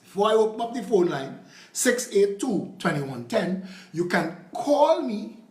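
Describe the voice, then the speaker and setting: A man's voice: sits high, big pitch swings, measured pace, darkish tone, reverberant. A man with a Trinidadian accent hosting a political call-in show, combative and sarcastic. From Trinidad and Tobago. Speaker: political talk show host.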